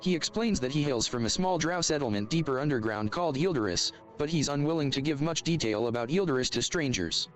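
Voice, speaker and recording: A man reading tabletop adventure text aloud at a steady, even pace. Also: on the high side, brisk, hardly any pauses, faint music behind.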